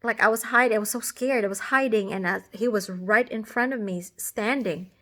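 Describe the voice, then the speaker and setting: A woman's voice: medium pitch, a little fast, fairly bright tone. A woman recounting a dream in casual storytelling, earnest and emotional, rambling with many restarts and fillers.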